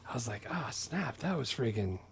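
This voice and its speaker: A man's voice: mid-range voice, big pitch swings, normal speed, creaky, husky. A man co-hosting a movie podcast, chatting casually and enthusiastically about a film. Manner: enthusiastic, laughs often. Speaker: podcast co-host. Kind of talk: casual movie review chat.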